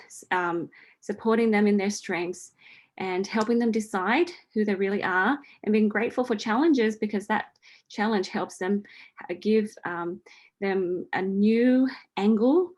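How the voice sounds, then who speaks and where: Woman, forties, friendly coach answering a listener, chatty with a steady "right?". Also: medium pitch. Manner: chatty, repeats "right?" often, laughs lightly. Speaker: host answering a listener's question. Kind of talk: casual spiritual coaching talk.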